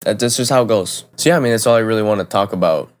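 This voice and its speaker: Low-voiced blunt young man vlogging. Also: rapid-fire. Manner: blunt, profane, rambling with restarts. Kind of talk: casual monologue to camera.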